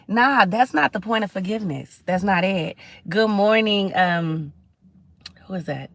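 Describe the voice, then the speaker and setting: A middle-aged woman hosts a casual livestream, greeting viewers and chatting in a preachy way. Her voice is medium in pitch and moderate in pace, and the recording is dry.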